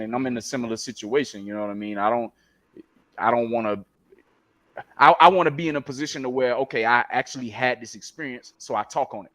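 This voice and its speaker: Man, laid-back storyteller, quick delivery, dry close mic. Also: medium pitch, fairly bright tone, no echo. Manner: laid-back, peppers talk with "you know what I'm saying". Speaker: guest on a live stream. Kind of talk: casual chat. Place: lives abroad in Colombia.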